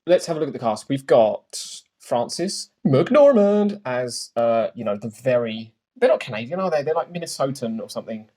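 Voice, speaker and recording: A man's voice: medium pitch, sing-song, normal speed, few pauses, dark tone. A young man co-hosting a casual podcast chat, jokey and rambling, with tangents and filler words. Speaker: podcast co-host.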